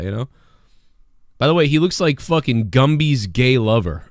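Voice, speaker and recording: A man riffs loosely on a video as host, swearing often and rambling. His pitch swings widely from phrase to phrase, and the sound is dry and close. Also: sing-song, a little fast, dry recording. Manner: rambling, swears a lot, mocking shouted impressions. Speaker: show host reacting to a video. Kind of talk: casual profane commentary.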